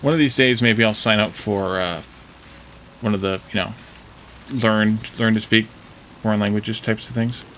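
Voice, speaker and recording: A man's voice: fairly low pitch, fairly even intonation, normal speed, fairly bright tone, slight background noise. A man streaming a factory-building game, chatting casually with viewers, joking and fumbling over how to say foreign words. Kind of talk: casual gameplay commentary with chat.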